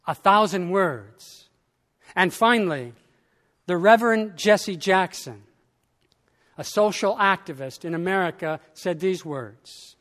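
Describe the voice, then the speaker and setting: Slow, high-voiced preaching pastor. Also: male voice, a bit bright, in a large hall. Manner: slow, emphatic preaching with dramatic pauses. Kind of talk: sermon.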